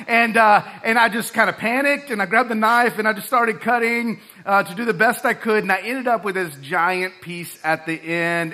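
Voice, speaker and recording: Bright high-voiced pastor preaching. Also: male voice. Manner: storytelling, lively and joking with the congregation. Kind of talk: sermon. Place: church sanctuary.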